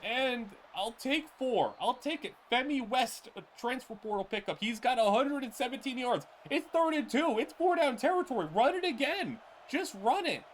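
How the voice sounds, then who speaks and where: Excitable gamer calling football plays. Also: high-pitched, normal speed, few pauses, a little hiss or hum. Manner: excitable, exasperated, often laughing in disbelief. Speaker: gaming channel host. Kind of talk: live play-by-play commentary on a football video game.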